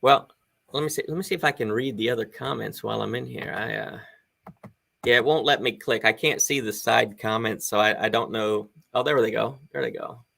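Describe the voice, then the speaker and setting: A man's voice: medium pitch, brisk, creaky, sharp tone. A man in his fifties, a guest on a live stream chat, talking casually and enthusiastically in a rambling way over a video call.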